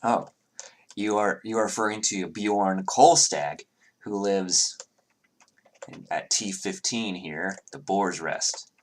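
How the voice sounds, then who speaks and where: A man's voice: sits low, slow pace, a little hiss or hum. A man narrating a tabletop game as game master, hesitant and full of fillers.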